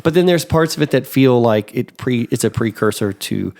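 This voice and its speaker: A man co-hosting a podcast in a casual chat, rambling through thoughts with lots of fillers and restarts and jumping up in pitch when he gets excited. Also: normal speed, gravelly. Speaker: podcast co-host.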